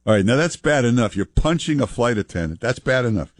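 A man hosting a talk radio show in a relaxed, chatty way, often pausing on "uh". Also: mid-range voice, dry recording, studio quality. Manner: relaxed, chatty, frequent "uh" fillers. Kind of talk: casual talk radio banter. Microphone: studio microphone.

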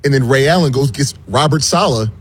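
A man on a sports talk show staff, telling an anecdote in an animated way. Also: medium pitch, fairly quick, a little hiss or hum. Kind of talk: casual sports talk chat.

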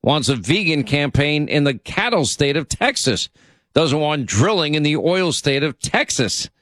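A man hosting a talk radio show, speaking briskly and emphatically with many fillers. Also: on the high side, very animated, fairly bright tone, no echo. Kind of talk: talk radio monologue and banter. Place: radio studio.

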